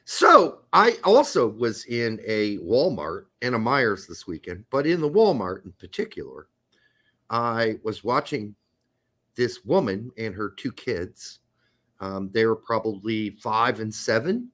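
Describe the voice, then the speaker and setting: A man's voice: lowish voice, big pitch swings, measured pace, fairly bright tone. A middle-aged man from Indiana, co-hosting a podcast and telling stories in a blunt, profane, casual way. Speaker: podcast co-host. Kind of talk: casual chat.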